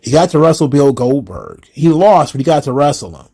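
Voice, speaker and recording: A man's voice: on the high side, big pitch swings, a little fast, creaky, dark tone, breathy edge. A man hosting his own wrestling commentary, ranting casually in a profane, incredulous, repetitive way.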